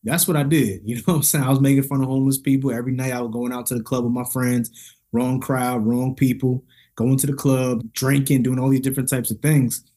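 A man speaking as a motivational speaker on a podcast, telling his own story with animated energy. His voice is husky and sits at a middle pitch, and he leans on casual slang. When he quotes other people, his pitch leaps up. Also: fast. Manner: lively, slangy, acts out dialogue with big pitch jumps.

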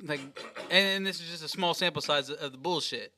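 Man, heated podcast rant, fairly high pitch, bright voice, swears a lot. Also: brisk, a little hiss or hum. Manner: heated, ranting, profane. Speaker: podcast co-host. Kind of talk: casual podcast chat.

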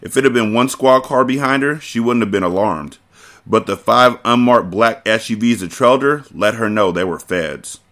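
A man's voice: mid-range voice, moderate pace, a bit bright. A man hosting a podcast, reading a novel aloud casually and breaking off to joke and comment.

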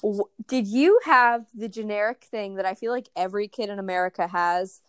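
A young woman from Maryland in casual chat, animated and opinionated, with frequent likes. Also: medium pitch, moderate pace, clean tone, dry recording.

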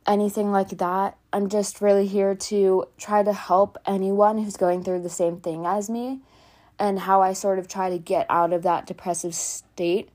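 Teenage girl, mellow dark voice, casual podcast chat, earnest, rambling, lots of fillers, at home. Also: mid-range voice. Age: teens. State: out of breath. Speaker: podcast host. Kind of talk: casual personal talk.

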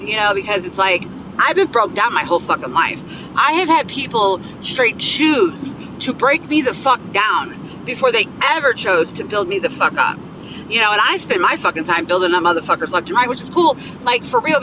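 A woman's voice: medium pitch, background noise. A woman hosting her podcast alone, venting bluntly and swearing constantly. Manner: profane, blunt, ranting. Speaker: podcast host. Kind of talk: angry solo venting.

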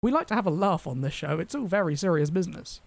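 A man's voice: high voice, animated, quick pace, creaky. A young man, co-hosting a casual comedy podcast with a sarcastic, mocking manner. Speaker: podcast co-host.

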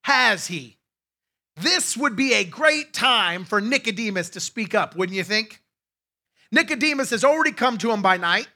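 A man's voice: high voice, expressive, moderate pace, bright, forceful tone. A male pastor preaching a sermon in a conversational way, with asides to his congregation.

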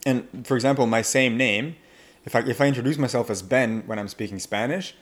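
Male language coach, podcast guest, animated and laugh-prone, middle pitch. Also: fairly quick. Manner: animated, laughs often while explaining.

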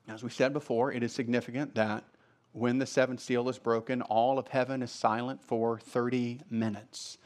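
A man's voice: medium pitch, level tone, normal speed. A male pastor preaching a sermon, reading scripture aloud and explaining it, repeating phrases for emphasis.

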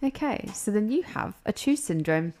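Young woman with a mid-pitched voice, playful and chatty; casual podcast co-host. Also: animated, normal speed, warm tone. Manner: chatty and playful, explains facts. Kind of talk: casual chat, sharing trivia.

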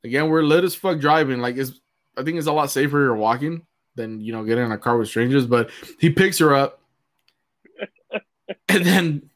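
A man's voice: medium pitch, normal speed. A young man casually recounting a wild night out, swearing freely and acting out the voices of the people in his story. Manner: profane, animated retelling, acting out quoted voices.

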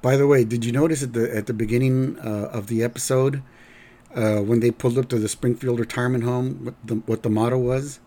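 A man's voice: medium pitch, fairly even intonation, warm tone. Rambling man recapping an episode. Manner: rambling, halting, with fillers and restarts. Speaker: podcast host.

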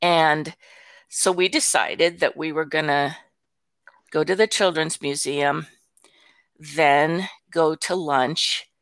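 An older woman with a low, gravelly voice tells a story in a lively, chatty way. She acts out the quotes and laughs lightly now and then. The sound is dry and close. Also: dry recording. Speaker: guest. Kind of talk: casual storytelling.

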